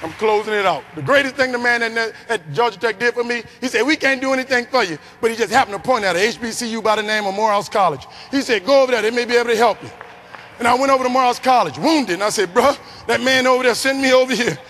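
New Orleans man, very high voice, animated motivational speaker, big hall echo. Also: quick pace, a faint crowd, a little hiss or hum. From New Orleans, Louisiana. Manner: animated, acts out voices in his story. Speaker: keynote speaker. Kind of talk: motivational storytelling speech. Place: large conference hall. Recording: long hall reverb.

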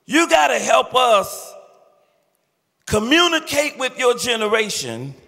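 An older male pastor preaching an impassioned, pleading sermon with rhythmic repeated phrases and shouted peaks, recorded in a large church sanctuary. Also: very high-pitched, very animated, slow, gravelly. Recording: echoey church hall with long reverb.

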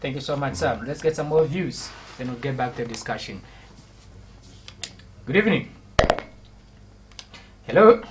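A man's voice: medium pitch, quick pace, few pauses, darkish tone, a little hiss or hum. A man hosting a live call-in TV show, calling out greetings again and again and giving short prompts to callers. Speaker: TV talk show host.

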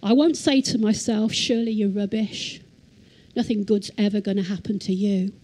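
A woman teaching in church, reading scripture slowly and emphatically and leading the congregation to repeat lines. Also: mid-range voice, fairly even intonation, mellow, poor audio. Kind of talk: sermon. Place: church hall.

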